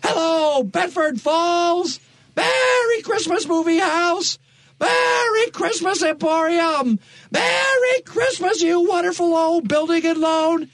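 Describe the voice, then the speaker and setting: A man playing an overjoyed small-town family man in a radio play reenactment, shouting near tears. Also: extremely high pitch, expressive, slow pace, no room sound, voice pushed up, full character voice. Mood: ecstatic.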